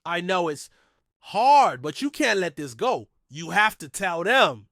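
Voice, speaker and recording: A young woman friend who stays steady and deliberate but presses with urgency, as a male narrator puts her on. The voice runs a touch high, and the sound is dry and close to the mic. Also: dry recording, heavily acted. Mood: urgent.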